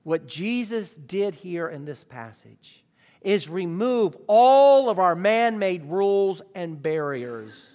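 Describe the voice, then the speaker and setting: A man's voice: high voice, sing-song, slow pace, darkish tone. A man preaching a sermon with emphatic rhetorical questions. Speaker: pastor. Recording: long reverb of a large hall.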